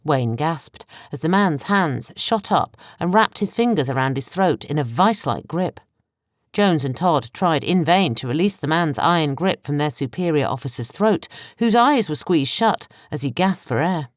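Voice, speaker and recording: A woman narrating a science fiction audiobook in a measured, clear storytelling manner, close to a studio microphone. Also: low voice, lively intonation, dry recording. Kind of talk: scripted narration.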